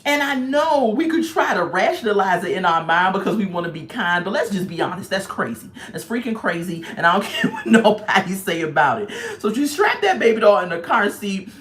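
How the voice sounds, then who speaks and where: A woman casually reviewing a reality show for her channel, blunt and emphatic, with slang, telling the story in an animated way. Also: medium pitch, fairly quick, hardly any pauses. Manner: animated storytelling, acts out people's voices. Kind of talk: casual chat.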